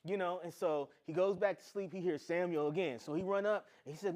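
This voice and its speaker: A man's voice: high-pitched, expressive, a little fast, few pauses. A man teaching a casual Bible lesson, retelling the stories in slangy everyday talk and acting out the characters' lines.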